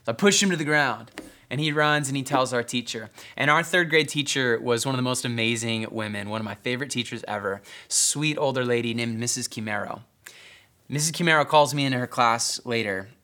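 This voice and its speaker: A young adult man preaching a sermon, telling a personal story with self-deprecating humor and dropping to soft, intense tones for emphasis. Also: mid-range voice.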